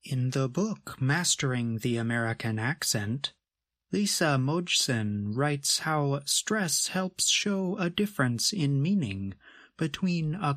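A man narrating a scripted grammar lesson in a measured, explanatory way. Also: medium pitch, a bit bright, no echo. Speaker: grammar teacher.

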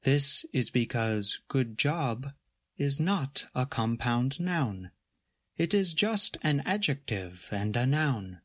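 A man narrating a scripted grammar lesson in a measured, explanatory way. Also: mid-range voice, animated, a bit bright, no echo. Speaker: grammar teacher.

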